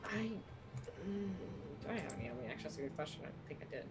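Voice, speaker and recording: A woman playing a tabletop game, chatty and quick to giggle. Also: deep voice, expressive. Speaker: player. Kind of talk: casual tabletop play.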